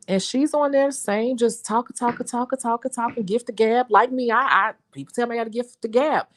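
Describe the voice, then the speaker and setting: A young adult woman with a Chicago accent, a nail technician chatting to her viewers in an animated, talkative way. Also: on the high side, brisk, few pauses. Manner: chatty, animated storytelling, says y'all. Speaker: nail technician and channel host. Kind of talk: casual chat to viewers.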